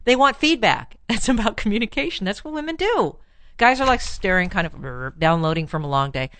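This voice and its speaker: Lively bright-voiced woman advice host. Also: medium pitch, a little fast. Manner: chatty and animated, laughs often, plays up lines with mock exclamations. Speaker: radio advice host and relationship therapist. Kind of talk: casual advice talk answering listener letters.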